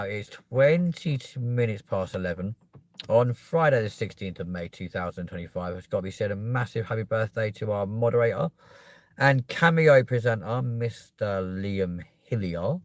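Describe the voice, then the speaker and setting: A young man with a London accent hosting a live stream, chatting casually and cheekily with viewers and bursting into loud pleas to subscribe. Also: fairly low pitch. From England. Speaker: livestream host. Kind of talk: casual live chat reading comments.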